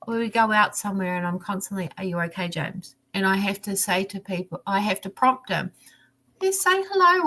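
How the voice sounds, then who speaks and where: A woman's voice: medium pitch, fairly bright tone. A woman on a livestream video call, chatting candidly and rambling, with frequent restarts and small laughs. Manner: rambling, restarts often, laughs, acts out her son's pleading. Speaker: livestream guest. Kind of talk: candid personal chat.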